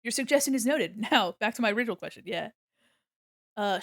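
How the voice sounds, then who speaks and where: Young woman chatting on her art stream, swears a lot, laughs, dry close mic, medium pitch. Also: a little fast, creaky, a bit bright, dry recording. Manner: rambling, swears freely, laughs often. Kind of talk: casual live-stream chat while drawing.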